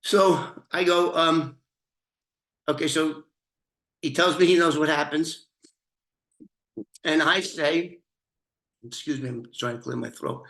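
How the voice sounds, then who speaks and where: Profane, slow-talking man in an echoey room. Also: fairly high pitch, fairly bright tone. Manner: blunt and profane, with frequent restarts and throat-clearing. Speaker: storyteller recounting his own experience. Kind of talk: casual storytelling.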